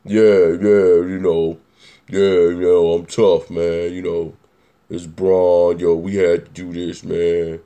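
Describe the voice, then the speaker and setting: A man's voice: low voice, level tone, slow, dark tone, clean tone, voice pushed down. A man doing a mocking impression of a male athlete's tough-guy voice, mumbling lazily through fillers. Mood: macho. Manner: lazy mumbling, filler-heavy.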